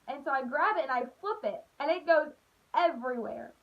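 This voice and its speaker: A young woman telling a childhood story on her vlog, animated and full of "like", acting out the voices. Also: sits high, normal speed. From Appalachian United States. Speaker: vlogger. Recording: dull lo-fi recording.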